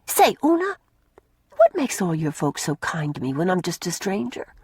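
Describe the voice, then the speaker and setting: A woman reading an audiobook voices a blunt, quick-tempered orphan girl who talks in folksy rural slang. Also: fairly low pitch, huge pitch swings, a little mellow, a little hiss or hum.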